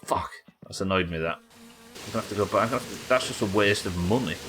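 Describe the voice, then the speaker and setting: Lowish, sweary British streamer. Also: male voice, quick pace, a bit bright, soft background music. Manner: chatty, sweary, talks to chat while working. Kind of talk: live gameplay commentary.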